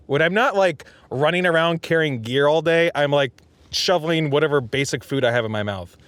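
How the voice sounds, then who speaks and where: A man's voice: a little high, expressive, fast talker, no echo. A young man reporting from the road who chats casually, tells stories and laughs often. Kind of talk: casual chat.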